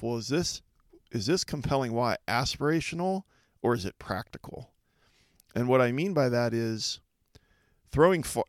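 A middle-aged man hosting a podcast, speaking in an earnest, reflective monologue with deliberate pauses. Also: medium pitch, no room sound, clean studio sound. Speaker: podcast host.

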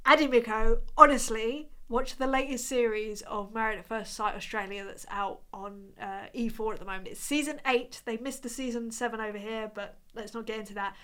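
A woman's voice: a little high, sharp tone, clean tone. A woman, hosting a casual livestream and chatting as she reads out viewer comments. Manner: chatty, apologetic and rambling, with frequent restarts and laughs. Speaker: livestream host reading chat. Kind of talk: casual chat.

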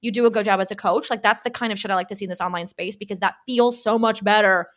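A woman who is a marketing coach and podcast guest, talking casually and telling stories animatedly, acting out what people said. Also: mid-range voice. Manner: animated, quick storytelling with acted-out quotes.

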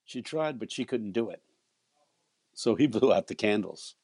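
With a fairly low, darkish and animated voice at a moderate pace, a preacher in his eighties shares a personal anecdote, recorded with no room sound. He keeps repeating his words and chuckles as he tells it.

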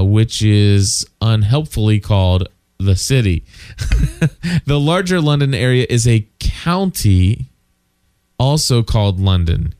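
A man's voice: fairly low pitch, a little mellow, smooth, no echo, clean studio sound. A man co-hosting a casual podcast, reading listener feedback aloud with many fillers and side comments. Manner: reads listener mail aloud with frequent fillers and asides.

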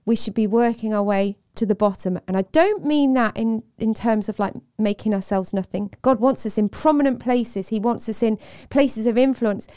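A woman co-hosting a casual faith discussion, earnest and quick to laugh. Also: fairly high pitch, mellow, clean tone, no echo, studio quality. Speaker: podcast co-host.

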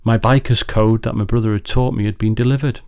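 A man's voice: on the low side, steady tone, fairly quick, warm tone, clean tone. A man hosting a podcast, telling a personal story in a reflective way with hesitant restarts. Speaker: podcast host.

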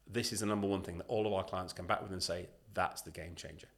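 A man's voice: low-pitched, very fast. Emphatic man in a podcast chat. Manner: emphatic and animated, acts out what people say. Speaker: podcast guest, leadership consultant. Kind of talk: conversational podcast interview.

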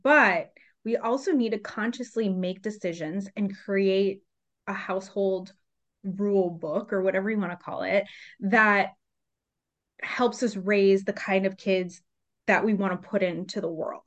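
A woman's voice: medium pitch, steady tone, a little slow, lo-fi sound. A woman hosting a podcast, chatty and telling stories with a self-mocking touch. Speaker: podcast host. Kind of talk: casual podcast conversation.

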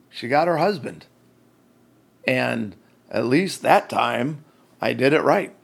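A man's voice: medium pitch, gravelly. A man hosting a faith-based marriage talk, telling a story with acted-out quotes and self-deprecating humor. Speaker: host.

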